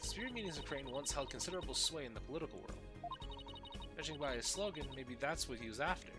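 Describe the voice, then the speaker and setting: A man's voice: fairly high pitch, animated, fast talker, natural voice. A man voicing a polite, formal village local who speaks in a plain voice. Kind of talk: reading game dialogue aloud. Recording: loud game music behind.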